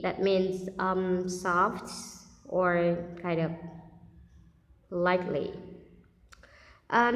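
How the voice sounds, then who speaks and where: A woman's voice: medium pitch, a little mellow. A woman who reads a children's story aloud and patiently stops to explain new words. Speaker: English teacher. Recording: echoey room with long reverb.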